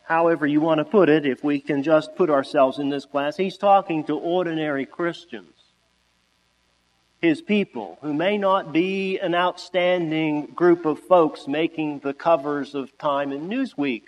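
A man's voice: fairly high pitch, fairly even intonation, unhurried, in a large hall, poor audio. A man preaching a sermon, stressing key words with sudden rises and stretching out his phrases.

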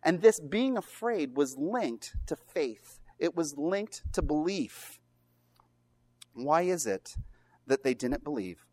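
Lively, animated preacher delivering a sermon. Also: male voice, on the high side. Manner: animated storytelling with rhetorical questions; emphatic and earnest.

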